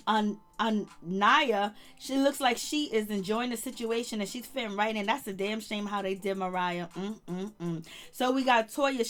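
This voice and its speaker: A middle-aged woman in a chatty, gossipy recap, rattling off who said what and slipping into quoted lines with relish. Her voice sits a touch higher than most women's. She keeps it loose and conversational throughout. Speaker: reality TV recap commentator. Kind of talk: casual recap monologue.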